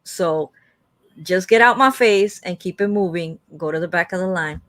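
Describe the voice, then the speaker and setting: A woman co-hosting a livestream, telling a lively story in casual chat and acting out the quoted lines with big jumps in pitch. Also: normal speed, dry recording. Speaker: livestream co-host.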